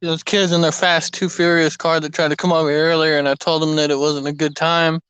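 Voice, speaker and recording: A young man with a high, smooth voice, rambling through a profane, animated fishing story in casual chat. The sound is close and dry, with no room around it. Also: brisk, no room sound, low-quality recording. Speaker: fishing vlogger. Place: outdoors at a lake.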